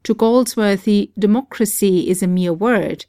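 A woman reading a memoir aloud as scripted narration, steady and earnest, with argumentative passages. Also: medium pitch, unhurried, dry recording, clean studio sound. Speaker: audiobook reader.

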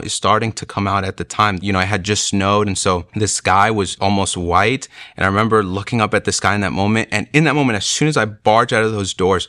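Young man, low voice, bright forceful tone, dry close sound; earnest personal testimony, casual filler words. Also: clean tone, no room sound. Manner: earnest, reflective, with frequent "like" and "you know". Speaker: speaker sharing a conversion testimony. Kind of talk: personal storytelling.

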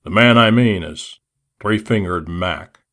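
A man's voice: sits low, a little slow, fairly bright tone. A man voicing a commanding gang leader who talks curtly and growls at others. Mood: reflective. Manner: growling, curt.

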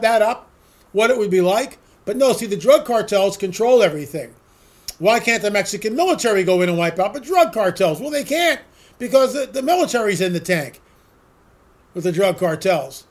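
Man, high-pitched voice, political talk host, emphatic, sarcastic, rhetorical questions. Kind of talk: opinion monologue.

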